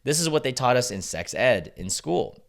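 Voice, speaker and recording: A man's voice: medium pitch, very animated, normal speed, creaky. A man hosts a casual reaction video, reading online posts aloud and mocking them. He talks sarcastically, breaks into laughter often and swears freely. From United States.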